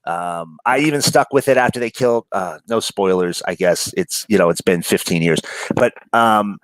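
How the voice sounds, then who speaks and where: A deep-voiced New York man with a New York accent chats casually about comics at a normal speed, rambling with lots of fillers, profanity and frequent laughter. There's no room sound, but the audio is poor.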